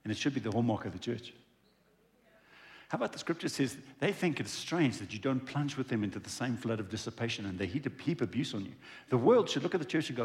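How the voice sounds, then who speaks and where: A man preaches in a church, his pitch leaping high and dropping low as he talks. He slips in and out of little voices for the people in his story, and his delivery stays conversational. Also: brisk. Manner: animated, conversational preaching with acted-out dialogue. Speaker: pastor. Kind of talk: sermon.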